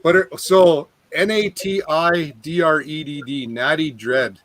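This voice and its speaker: A man's voice: fairly high pitch, a little slow, a bit bright, slight background noise, low-quality recording. A man chatting easily on a live stream, fiddling with the camera while he talks. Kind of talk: casual chat on a live stream.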